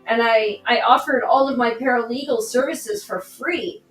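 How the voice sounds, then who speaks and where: A woman, a political candidate on a podcast, talking through a personal story in an animated way and acting out the dialogue. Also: on the high side, moderate pace. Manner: animated, re-enacts dialogue in her stories. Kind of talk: conversational storytelling. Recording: echoey room, distant mic, faint music.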